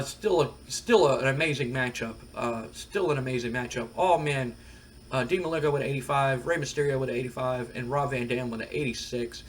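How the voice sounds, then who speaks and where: A man's voice: mid-range voice, a little hiss or hum. A man casually talking through a wrestling management game for his channel, rambling with lots of fillers. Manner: rambling, relaxed, many fillers. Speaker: gaming video creator.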